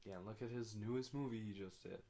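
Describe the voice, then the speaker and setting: A man's voice: lowish voice, fast, mellow. A young man co-hosting a podcast, talking bluntly and casually, often saying he doesn't know. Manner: blunt, repeats "I don't know". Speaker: podcast co-host. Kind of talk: casual chat. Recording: faint background noise.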